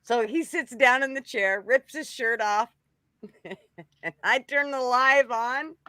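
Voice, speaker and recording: A woman's voice: fairly high pitch, takes it slowly, dry recording. A woman co-hosting a live stream, casually telling a story full of swearing and laughter. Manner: laughing, profane, animated storyteller. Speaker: co-host.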